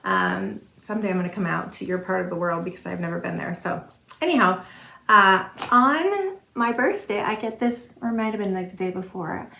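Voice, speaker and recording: A woman's voice: medium pitch, animated, normal speed, gravelly, bright, forceful tone. A woman in her forties chatting casually to camera as a stitching vlogger, rambling with many fillers and restarts. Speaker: Flosstube vlogger. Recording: roomy echo, faint noise.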